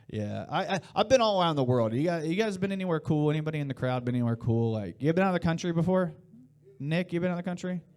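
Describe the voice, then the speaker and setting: In his late thirties and hailing from Indiana, USA, a stand-up comedian with a medium-pitched, darkish voice performs at a live comedy show. His set is loose and rambling, with crowd work and laughs from the audience between lines.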